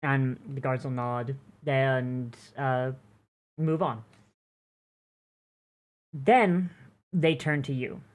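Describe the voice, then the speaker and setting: Brief: a woman game master, low-voiced, casual and meandering. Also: steady tone, very slow, pauses often. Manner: casual, rambling, heavy on fillers. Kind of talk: narrating a tabletop game.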